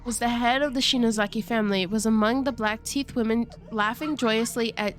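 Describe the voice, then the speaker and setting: A woman's voice: on the high side, fairly even intonation, fairly quick. Giggly young-sounding woman streamer. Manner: giggly, playful asides, stumbles over words; holding back laughter, kept quiet at night. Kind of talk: reading a game aloud with casual commentary.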